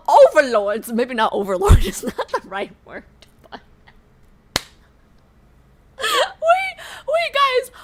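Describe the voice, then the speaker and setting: A young woman from New York, chatting casually on a livestream, animated and rambling, laughing often and restarting her sentences. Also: on the high side.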